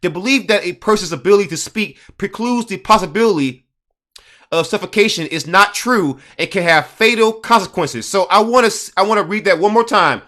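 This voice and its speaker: A man's voice: high voice, animated, fairly quick, sharp tone. A man giving indignant casual commentary, hammering his points with repetition and reading passages aloud from an article.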